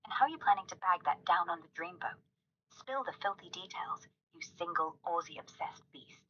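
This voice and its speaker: A woman's voice: lowish voice, lively intonation, pushed and bright, highs cut off, a little hiss or hum. A synthetic woman's voice playing a crude, foul-mouthed female AI chatbot that fires off raunchy banter. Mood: brash. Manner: brash, rapid-fire raunchy banter.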